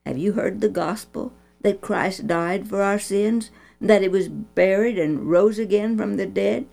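A woman reading a Christian children's story aloud with an expressive, preachy manner. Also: medium pitch, measured pace, gravelly, soft background music.

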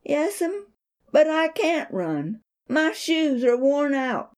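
An earnest, eager young boy from a children's storybook, raised high and bright above the storyteller's own voice, with a polite, pleading way of talking, as a woman reader puts him on. The tone swings widely and lightly. He sounds humble and hopeful. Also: very animated, very slow, exaggerated voice. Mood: earnest, worried.

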